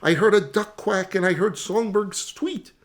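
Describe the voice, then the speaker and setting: A man's voice: sits high, a little slow, pitched above the performer's own voice. A man voicing a puzzled park visitor who earnestly questions a physics professor.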